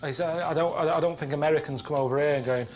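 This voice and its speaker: A man's voice: a little high, fast, music in the background. An English man on a travel show, talking in a dry, grumbling, unimpressed way.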